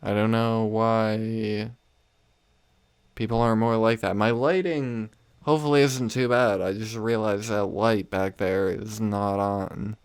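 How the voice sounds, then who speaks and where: A man's voice: fairly low pitch, steady tone, a little slow, smooth, no echo. A young man hosting a casual comedy podcast, ranting with lots of swearing and laughing at his own stories. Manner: profane, rambling, laughs often. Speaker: podcast host. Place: home room.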